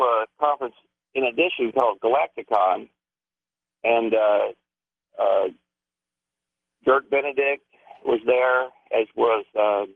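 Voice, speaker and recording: A man from Texas calling a radio show, politely and hesitantly making a suggestion. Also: medium pitch. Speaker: caller. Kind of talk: phone-in chat. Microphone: phone. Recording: tinny dry phone line.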